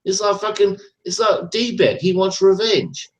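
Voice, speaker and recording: A man's voice: high-pitched, fairly even intonation, measured pace. A man hosting a live chat stream, ranting in a rambling, profane, repetitive way. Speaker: livestream host. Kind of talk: ranting casual talk. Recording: roomy echo.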